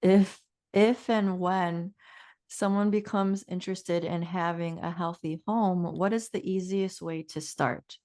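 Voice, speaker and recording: A woman hosting a podcast interview, her voice a little low. She asks curious, open questions and gives her guest room to answer. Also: fairly even intonation, slow pace, a little mellow. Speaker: podcast host.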